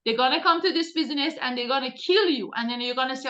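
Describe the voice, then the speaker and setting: A woman's voice: sits high, quick pace, sharp tone, dull audio. A woman team leader coaching her recruiters on a group video call, talking directly and insistently with many restarts.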